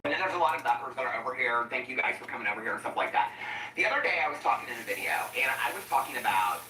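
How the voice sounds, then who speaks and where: A man's voice: mid-range voice, lively intonation, very fast, bright, forceful tone, slight background noise. A tired man chatting casually and laughing a lot, wandering from story to story while he cooks in his kitchen. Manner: chatty, laughing often, goes off on tangents. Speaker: commentary YouTuber. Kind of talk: rambling casual vlog chat while cooking. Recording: roomy echo, mic at a distance.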